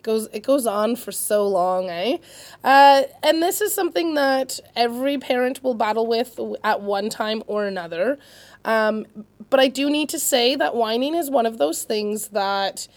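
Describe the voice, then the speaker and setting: A woman's voice: on the high side, normal speed. A woman co-hosting a casual parenting chat, talking in a loose way with many fillers and restarts. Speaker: parenting podcast co-host.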